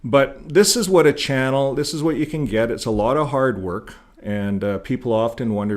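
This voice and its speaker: A man's voice: medium pitch, moderate pace, hardly any pauses. An older man from Canada chatting casually to his viewers as host of his own channel. He rambles, repeats words and chuckles as he goes, in an ordinary mid-range voice. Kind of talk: casual talk to camera.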